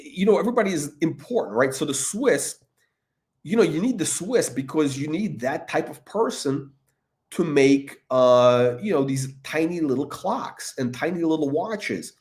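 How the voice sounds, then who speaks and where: A man talking in a rambling, profane monologue, with many fillers, restarts and laughs between remarks. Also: on the high side. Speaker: watch commentator.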